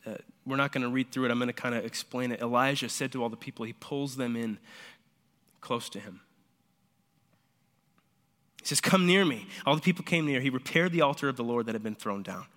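A man preaching a sermon, retelling scripture in lively, casual everyday speech. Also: medium pitch, big-room sound. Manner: animated storytelling, paraphrasing scripture in casual modern speech. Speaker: pastor.

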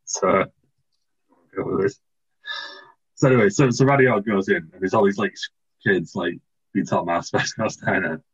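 A man co-hosting a casual podcast, rambling and laughing through a silly story pitch. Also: moderate pace, pauses often, slightly rough, lo-fi sound. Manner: rambling, laughing, restarts, puts on silly voices in quotes. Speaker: podcast co-host. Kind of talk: casual comedic chat, pitching a wrestling storyline.

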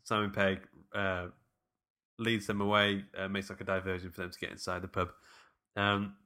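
A man's voice: low-pitched, level tone, moderate pace, sharp tone, clean tone. A man hosting a podcast, leading a casual film recap and narrating scenes step by step. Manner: leads the talk, narrates scenes step by step with fillers. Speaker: podcast host.

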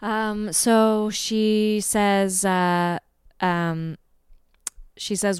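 A woman's voice: medium pitch, flat delivery, drawn-out words, clear, resonant tone, dry recording, studio quality. A woman co-hosting a casual podcast chat, playful and talkative, sometimes reading passages aloud from a blog. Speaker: podcast co-host.

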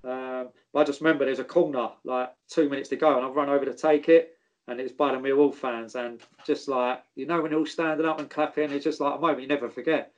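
A man, a former footballer, telling animated anecdotes and swearing freely. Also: medium pitch, fast, dull audio. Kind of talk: casual storytelling.

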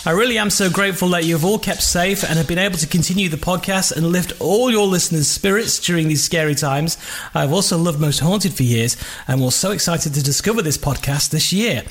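A man's voice: on the high side, a little fast. A man hosting a podcast, reading listener emails aloud in a jokey, casual way and laughing easily. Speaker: podcast host.

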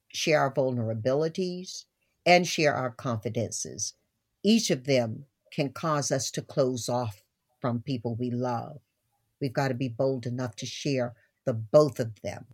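Expressive older woman telling stories. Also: extremely low pitch. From Southern United States. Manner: expressive, laughing storyteller, warm asides. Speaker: guest. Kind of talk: storytelling interview talk.

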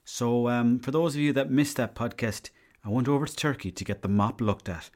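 A man's voice: mid-range voice, fairly quick, a little mellow. A young Irish man hosting a podcast, telling a long story in a rambling, profane way and slipping into quoted asides. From Ireland. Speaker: podcast host. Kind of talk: casual storytelling monologue.

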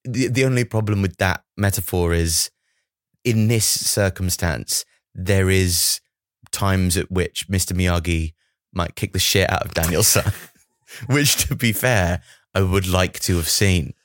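A man's voice: sits low, measured pace, dry recording, studio quality. A man co-hosting a podcast in casual comedic chat, wry and rambling with sarcasm. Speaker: podcast co-host.

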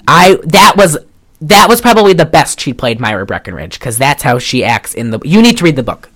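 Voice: mid-range voice, very animated, a little fast, a bit bright. A podcast co-host in a casual chat, retelling a film with lots of fillers and restarts. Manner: rambling, chatty, with many fillers and restarts.

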